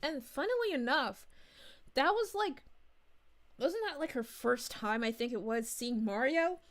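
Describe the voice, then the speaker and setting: A woman's voice: high-pitched, animated, unhurried. Princess Daisy, voiced by a woman streaming. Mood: bubbly. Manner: giggly, gushing, reads chat aloud. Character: bubbly, giggly young princess, cheerful. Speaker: VTuber streamer. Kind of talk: livestream chat reading.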